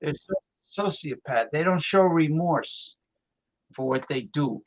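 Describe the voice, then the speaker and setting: A man hosting a long livestream, talking casually and haltingly with repeated words. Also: fairly high pitch, animated, rough recording. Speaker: livestream host.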